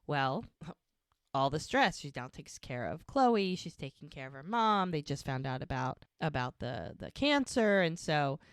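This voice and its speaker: A woman co-host talks through an episode recap in a chatty, rambling style. Her voice sits a little low, and the sound is dry and close. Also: sing-song, measured pace, smooth, no echo. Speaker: podcast co-host.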